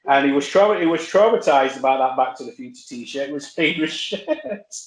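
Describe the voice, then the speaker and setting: A man's voice: medium pitch, animated, fairly quick. A man telling rambling, self-correcting stories as a podcast guest. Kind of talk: casual anecdote chat. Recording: roomy echo.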